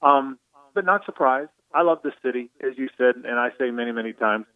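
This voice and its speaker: A man's voice: mid-range voice, fairly quick, smooth, no room sound. Middle-aged jacksonville guy on a phone line, earnest and emotional, tinny and dry. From Jacksonville, Florida. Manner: earnest, emotional, repeats words. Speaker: play-by-play broadcaster calling in. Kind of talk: reflective on-air talk.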